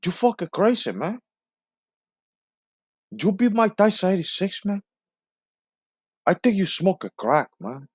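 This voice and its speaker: A guy putting on a cocky cuban gangster voice, trash-talking, pitched up high, bone-dry sound. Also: big pitch swings, unhurried, long pauses, husky, no echo, exaggerated voice. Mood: boastful. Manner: brash, taunting, ends phrases with "man". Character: swaggering foul-mouthed male Cuban gangster.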